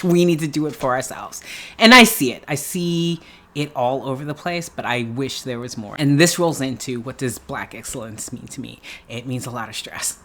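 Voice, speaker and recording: A woman's voice: a bass voice, a bit bright. A middle-aged woman from New York talking casually in a vlog, chatty and emphatic, laughing often and repeating herself for effect. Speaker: beauty YouTuber.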